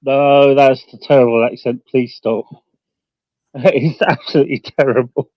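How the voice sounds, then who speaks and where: Man on a voice chat, dry and blunt deadpan, flat close-miked sound. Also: mid-range voice, a little slow, dry recording. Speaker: voice chat guest. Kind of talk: casual voice-chat banter. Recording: dull lo-fi voice chat.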